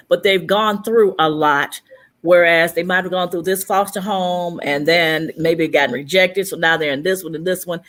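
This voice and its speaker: A woman's voice: medium pitch, a bit bright. A woman co-hosting a casual panel chat, telling stories and acting out the dialogue she quotes.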